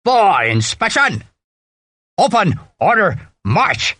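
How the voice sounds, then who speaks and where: A man voicing a rough, loud Irish army sergeant with a Donegal accent and a gruff bark. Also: lowish voice, brisk, no room sound, clean studio sound. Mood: bellowing.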